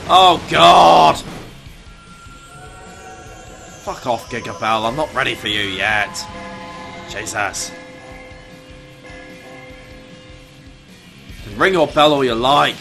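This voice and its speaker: A man's voice: medium pitch, bright, forceful tone, heavily acted. A man putting on the voice of a foul-mouthed, furious celebrity chef, swearing and sighing while commenting on a game. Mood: exasperated. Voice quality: constant swearing, exasperated sighs. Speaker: gamer doing a parody voice. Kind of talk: comedic gameplay commentary.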